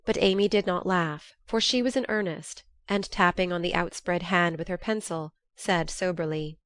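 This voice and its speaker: A woman narrates a classic novel in a measured, steady way. Her voice is on the low side for a woman. The recording is dry and close, with no room sound. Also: no echo. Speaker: audiobook narrator. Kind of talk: scripted narration.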